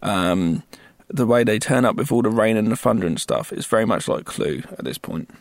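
A man's voice: fairly low pitch, moderate pace, no room sound, clean studio sound. A man co-hosting a podcast, chatting casually about a horror comedy and acting out its lines. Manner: acts out film dialogue in lively voices. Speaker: podcast co-host. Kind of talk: casual film review chat.

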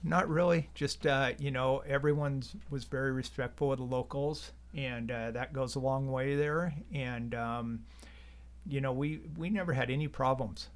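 A man's voice: mid-range voice, steady tone, moderate pace. A man on a podcast as a guest, making short, plain-spoken remarks in casual talk. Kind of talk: casual chat.

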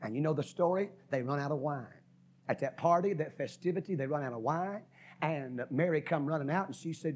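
Husky preacher, shouting and whispering. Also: male voice, fairly high pitch. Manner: preaching with sudden shouts and drops to a whisper, folksy, drawn-out stresses. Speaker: pastor. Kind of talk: sermon.

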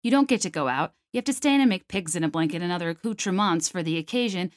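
A young adult woman hosting a solo comedy podcast, talking in an animated, sarcastic way and slipping into mocking voices. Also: lowish voice, fast talker, dry recording, studio quality. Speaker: podcast host.

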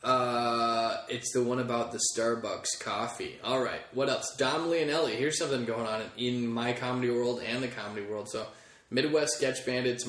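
A man's voice: mid-range voice, a bit bright. A man hosting a comedy podcast, rambling through a chatty, casual monologue and swearing freely. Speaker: podcast host. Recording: echoey room.

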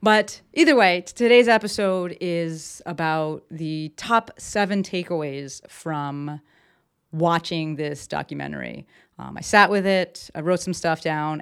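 Chatty, lower-pitched woman podcast host. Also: clear, resonant tone. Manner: rambling, enthusiastic, many fillers and restarts. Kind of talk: casual solo podcast chat. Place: at her desk at home. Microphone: desk mic with camera.

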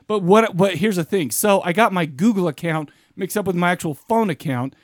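A man in his thirties co-hosts a casual podcast, rambling and restarting his sentences. His voice sits a bit high and the sound is dry and close, with no room around it. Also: a little fast, no echo. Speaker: podcast co-host. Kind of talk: casual chat.

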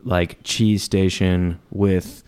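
A man co-hosting a relaxed podcast, speaking in a fairly low voice. He rambles through his stories and chuckles often, and he swears here and there. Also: drawn-out words, smooth. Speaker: podcast co-host. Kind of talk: casual chat.

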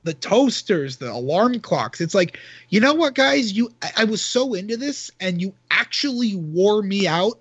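A man's voice: sits high, big pitch swings, moderate pace, hardly any pauses, fairly bright tone, slightly rough, dry recording, dull audio. A man chatting casually with friends about movies, crude and joking, with lots of restarts.

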